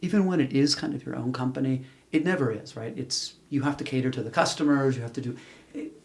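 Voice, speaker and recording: A middle-aged man with a gravelly, creaky voice at a medium pitch. He speaks as an interview guest in a casual, rambling style, full of fillers and restarts. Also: fast. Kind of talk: casual conversational storytelling.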